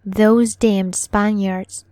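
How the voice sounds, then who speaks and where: A woman's voice: mid-range voice, level tone, drawn-out words, warm tone, no room sound. A woman voicing the drowned ghost of a stern old naval officer, commanding and old-fashioned in speech.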